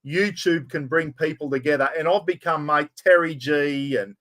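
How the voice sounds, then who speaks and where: A man's voice: a little high, moderate pace, a bit bright, rough recording. An older Australian man hosting a casual live-stream chat, friendly and matey, calling everyone mate. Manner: matey, says "mate" constantly. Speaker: host.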